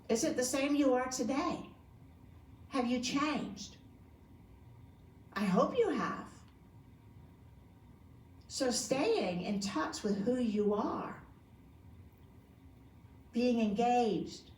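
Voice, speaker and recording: A woman's voice: medium pitch, lively intonation, takes it slowly, long pauses, darkish tone. Woman teaching yoga in an echoey room. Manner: conversational, asks the audience questions. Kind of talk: informal talk to a group. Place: community room. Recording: echoey room from a distant mic.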